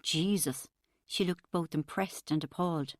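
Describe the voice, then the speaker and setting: A woman reads a first-person audiobook in a measured, intimate way. Her voice sits on the low side, and the close, dry recording carries no room sound. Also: a little mellow, dry recording. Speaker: audiobook narrator.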